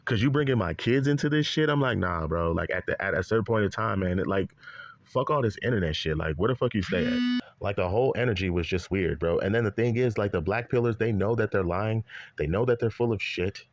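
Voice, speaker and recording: A man's voice: lowish voice, big pitch swings, brisk, no room sound, dull audio. Heated, profane man ranting. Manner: heated, profane, repetitive rant. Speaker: commentator. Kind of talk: ranting commentary.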